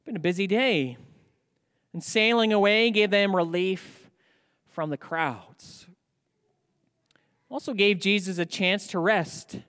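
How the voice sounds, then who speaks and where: A male pastor preaching a sermon in a church, animated and asking rhetorical questions. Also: high-pitched, slow, long pauses, smooth, big-room sound.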